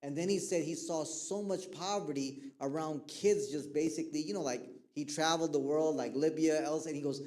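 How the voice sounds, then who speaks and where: A man with a somewhat high voice gives a relaxed, conversational talk to a youth group on mental health. He keeps checking in with his listeners as he goes, and he tells stories vividly, acting out the voices of the people he quotes. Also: moderate pace, hardly any pauses. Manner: animated storyteller who acts out quoted people.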